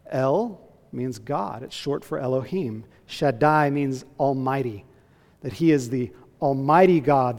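A man preaching a sermon as a pastor, earnest and emphatic, slowing down to stress key phrases. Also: medium pitch, a little mellow, in a large hall.

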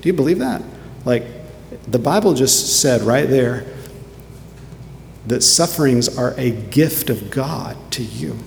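A man preaching a sermon earnestly, moving between quiet reflection and emphatic points. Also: medium pitch, expressive, takes it slowly, gravelly, pauses often, a little hiss or hum. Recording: echoey hall with faint ambience.

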